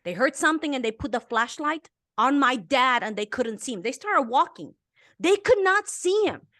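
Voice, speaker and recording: A woman in her fifties from Romania, a guest author telling a personal story in an interview, earnest and emotional, swelling and dropping to a hush. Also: high-pitched, lively intonation, moderate pace. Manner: earnest and emotional, with intense swells and hushed drops.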